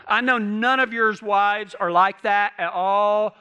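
Folksy male storyteller, humorous, rural dialect, high bright tone. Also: fairly even intonation, slow pace, clear, resonant tone.

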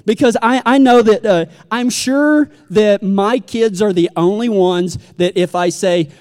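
A man's voice: sits high, unhurried, a little mellow, smooth. A Texan man preaching a sermon, folksy and full of stories, acting out what people say. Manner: folksy, storytelling, acts out quotes. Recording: long hall reverb.

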